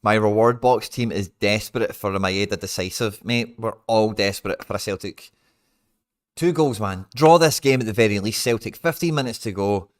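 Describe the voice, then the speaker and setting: Exasperated young Scottish man, low voice. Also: normal speed. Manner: exasperated, swears freely, rants with sudden loud outbursts. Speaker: football watch-along host. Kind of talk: live match watch-along chat.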